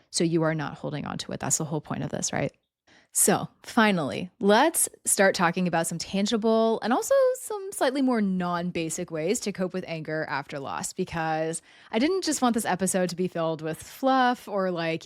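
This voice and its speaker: A young woman talks straight into a close mic with a dry, deadened sound and hardly any room around it. Her pitch sits in an ordinary middle range. She speaks earnestly and conversationally as a podcast host, filling her talk with "you know" and "right". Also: dry recording.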